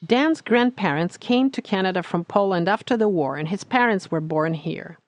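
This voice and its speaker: A woman podcast host reading the show's introduction in a measured, scripted way. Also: medium pitch, animated, no room sound, soft background music. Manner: measured, read-aloud delivery.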